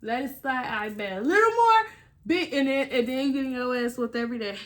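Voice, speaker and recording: A fairly high-pitched woman telling a story straight to the camera in an animated, emphatic way. She swears freely and drives her advice home with repetition. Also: brisk. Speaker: vlogger giving relationship advice. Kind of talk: casual storytelling vlog.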